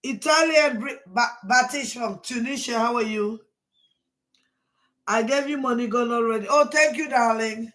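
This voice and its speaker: A woman, hosting a casual live stream and greeting viewers one by one in a rambling way, with sudden loud bursts. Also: on the high side, normal speed.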